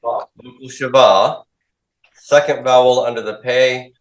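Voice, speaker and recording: A slow-speaking man, medium in pitch with fairly even intonation, runs a lesson of questions and drills and repeats the replies he gets. Call-and-response drilling fills this echoey classroom recording.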